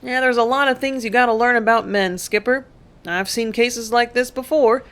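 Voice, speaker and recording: A woman voicing a rough, worldly male ship's mate who talks in a slow, knowing drawl in an audiobook. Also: fairly high pitch, a bit bright, pitched above the performer's own voice, lightly acted.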